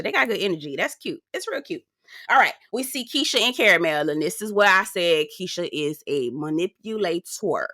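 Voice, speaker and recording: A woman doing a casual recap of a reality show, sassy and animated, talking straight to her viewers. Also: mid-range voice, dry recording, studio quality. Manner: animated, sassy, talks straight to viewers, lots of "girl" and "okay?".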